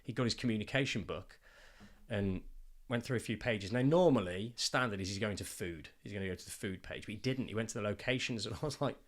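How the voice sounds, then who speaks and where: A man hosting a podcast, telling stories in a lively way and swearing freely. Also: on the low side, fast. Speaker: podcast host and father. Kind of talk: casual podcast chat.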